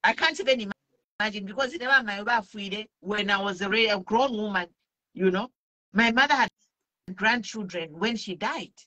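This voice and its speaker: Earnest Zambian woman, bright voice. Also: medium pitch, normal speed. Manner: earnest, pleading, switches languages mid-sentence. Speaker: speaker sharing testimony. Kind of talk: personal testimony mixing English and Bemba.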